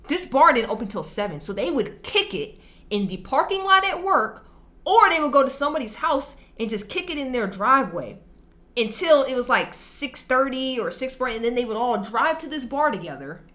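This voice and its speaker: A woman hosting her own reaction video. She tells stories casually in slang and with emphasis. Her voice is bright and forceful, and it swings widely in pitch. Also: moderate pace. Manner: animated storytelling, slangy and emphatic.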